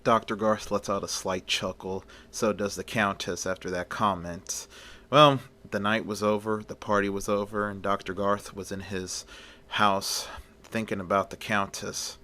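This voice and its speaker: A man's voice: on the low side, steady tone, measured pace, bright, forceful tone. A man casually retelling a film story as a fan version, rambling and conversational, with many "well"s and "he's like"s.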